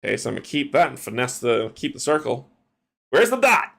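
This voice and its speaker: A man's voice: mid-range voice, sing-song, brisk, vocal fry, fairly bright tone. Chatty man playing a card game. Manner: chatty, laughs often, thinks aloud. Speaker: game player. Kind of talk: casual solo card game playthrough.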